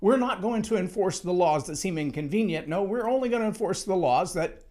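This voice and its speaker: A man's voice: sits high, animated, brisk, a little mellow. A man giving a motivational talk on leadership, emphatic and storytelling, acting out the quotes he tells. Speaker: speaker on leadership.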